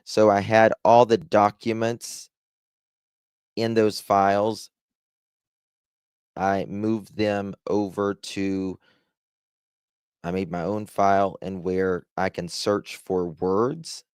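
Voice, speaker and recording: A man with a Southern accent hosts a casual livestream, rambling as he reads chat messages aloud and thanks his viewers. His voice is low-pitched, smooth, and somewhat dark in tone. The sound is studio quality with no room sound.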